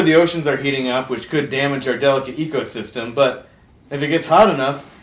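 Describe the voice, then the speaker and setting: A man playing a goofy, punning male shark who hosts a comedic late-night talk show, delivering a deadpan monologue and chuckling at his own jokes. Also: mid-range voice, lightly acted. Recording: roomy echo with faint background hum.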